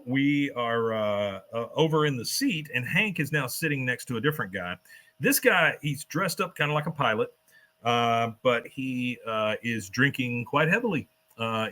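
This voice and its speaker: A man hosting a podcast, casually retelling a cartoon episode, laughing and swearing as he goes. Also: mid-range voice. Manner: animated retelling, quotes characters in put-on voices, swears, laughs. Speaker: podcast host recapping an episode. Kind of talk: casual chat.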